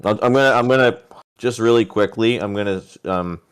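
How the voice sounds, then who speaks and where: Smooth-voiced man playing a tabletop game. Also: on the low side, brisk. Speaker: player. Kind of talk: casual tabletop game chat.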